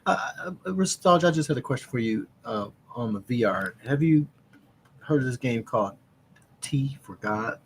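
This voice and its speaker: A man's voice: medium pitch, animated, normal speed, a little hiss or hum. A man co-hosting a casual live stream, joking around and calling out to the others.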